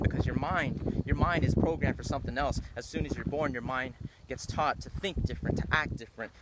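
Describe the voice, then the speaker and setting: Emphatic man over loud outdoor noise. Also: medium pitch. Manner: emphatic, repeats phrases for effect. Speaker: motivational vlogger. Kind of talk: motivational monologue.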